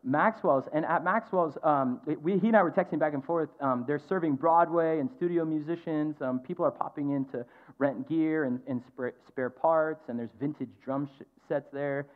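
A man's voice: fairly high pitch, normal speed. A pastor in his thirties giving a conversational, earnest sermon to his church. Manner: conversational, earnest storytelling with filler ums. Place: church stage. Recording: tinny phone-like sound.

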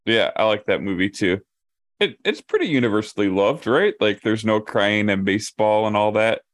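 Lowish-voiced guy cohosting a podcast, tosses quick questions, relaxed chat. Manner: asks quick prompting questions. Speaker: podcast co-host. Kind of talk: casual TV review chat.

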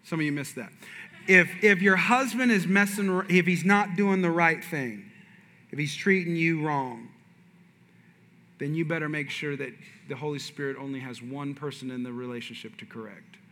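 A man preaching a sermon, animated and shifting from loud punches to hushed asides. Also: on the high side, moderate pace, slight background noise. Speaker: pastor. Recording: reverberant hall.

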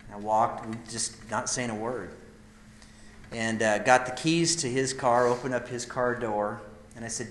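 Male preacher, heartfelt storytelling, goes loud then hushed, roomy live sound. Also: medium pitch, a little slow, slight background noise. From Idaho, USA. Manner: emotional, intimate storytelling that swells and drops. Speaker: speaker at a men's gathering. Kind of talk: sermon storytelling.

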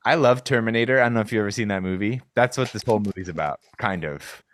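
In casual podcast chatter, this co-host rambles and keeps restarting his sentences. He speaks quickly in a lowish, slightly bright voice with no room sound.

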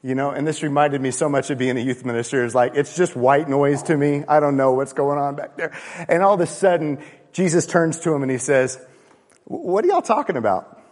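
A man's voice: on the high side, fairly even intonation, fairly quick, a little mellow. A man preaching a conversational sermon with rhetorical questions and playful asides in a church. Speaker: pastor. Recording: long reverb of a large hall.

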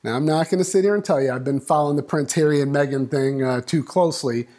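A man preaching a sermon, building up and dropping to a hush, acting out voices in the story. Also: fairly high pitch, fast talker. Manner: dynamic preaching, swings from loud to hushed. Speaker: pastor.

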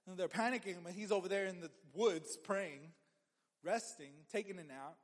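A man's voice: high voice, fast talker, big-room sound. A man preaching a sermon as a pastor, in a conversational way with joking asides and frequent restarts.

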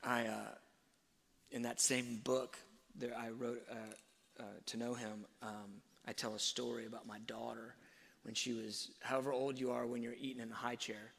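A man giving a sermon-like talk on faith and parenting, telling stories slowly and reflectively, with fillers and restarts. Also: mid-range voice, level tone, vocal fry, a bit bright, slightly rough. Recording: long hall reverb.

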